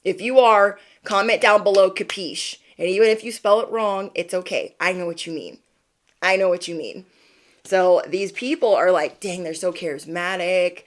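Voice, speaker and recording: A woman speaking at a middle pitch, reading tarot cards live for her viewers. Her delivery is chatty and playful, and she keeps tossing back quick "okay?" check-ins. She sounds encouraging and talks straight to the people watching. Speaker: tarot reader. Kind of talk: livestream card reading.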